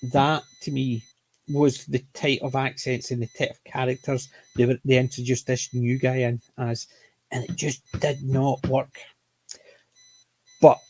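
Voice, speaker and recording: A man with a mild Scottish accent chats casually as he reviews a show, wandering off and stopping to correct himself. His pitch sits mid-range for a man. The sound is dry and close, with no room echo. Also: darkish tone. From Scotland. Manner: rambling, frequent self-corrections and apologetic restarts. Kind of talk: casual chat.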